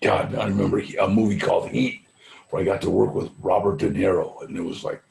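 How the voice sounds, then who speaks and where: A man's voice: low voice, steady tone, brisk, vocal fry, darkish tone, echoey room. An older man, a guest speaker, telling laid-back anecdotes in a casual way, dropping "man" and "you know" and acting out the people in his stories. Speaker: guest speaker at a recovery fundraiser.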